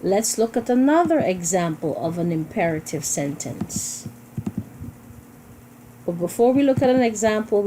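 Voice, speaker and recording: A woman's voice: medium pitch, warm tone, slight background noise, rough recording. A woman teacher giving a recorded grammar lesson, explaining patiently and repeating key points for her students.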